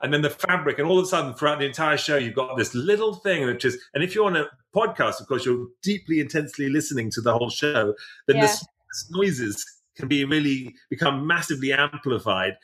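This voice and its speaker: A man's voice: fairly high pitch, expressive, quick pace, fairly bright tone. A man co-hosting a podcast, talking in a chatty, rambling way with many restarts. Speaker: podcast co-host. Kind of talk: casual chat.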